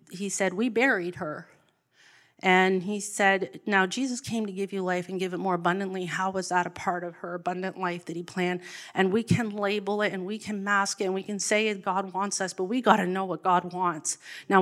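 A woman's voice: mid-range voice, a bit bright. A woman, an addictions counselor, telling her personal faith story in a candid, emotional way. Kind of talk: personal testimony.

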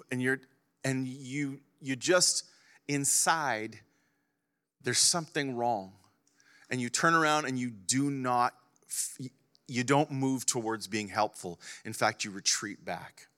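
A man preaching a sermon as a pastor, impassioned, rising to loud emphasis and dropping to hushed near-whispers. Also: mid-range voice, a little slow. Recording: reverberant hall.

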